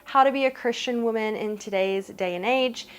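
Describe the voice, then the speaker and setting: A young woman who grew up in New Zealand, chatting excitedly through a casual unboxing vlog and gushing with gasps. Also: on the high side, moderate pace, clear, resonant tone. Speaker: vlogger.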